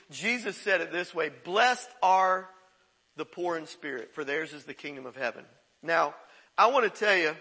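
A man's voice: high-pitched, sharp tone, breathy edge, poor audio. A middle-aged male pastor preaching a sermon in a conversational way, chuckling and repeating himself. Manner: conversational preaching with laughs and repetitions.

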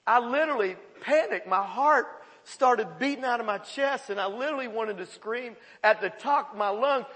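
High-voiced pastor in a reverberant hall. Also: male voice, normal speed. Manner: storytelling, conversational, animated with laughter. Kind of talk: sermon. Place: church sanctuary.

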